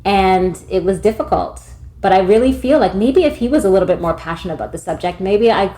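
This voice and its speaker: A woman's voice: medium pitch, expressive, fairly quick, dark tone. A woman in her thirties from Canada, chatting candidly as a podcast guest and poking fun at herself. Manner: candid, self-deprecating, laughs often. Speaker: podcast guest, admin staff at a tutoring studio. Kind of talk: casual interview chat. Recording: roomy echo.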